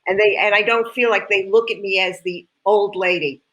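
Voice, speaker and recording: An older woman speaks reflectively on a podcast. She sounds earnest and talks at a middle pitch. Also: fairly even intonation, moderate pace, fairly bright tone, muffled recording. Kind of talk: podcast conversation.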